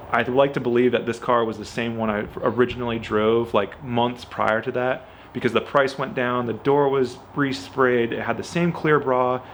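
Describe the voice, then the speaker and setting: Over a slight hiss or hum, a medium-pitched male car owner chats about his vehicle. His storytelling is loose and lively, full of "like" and "you know," and he performs the quoted dialogue of the people involved.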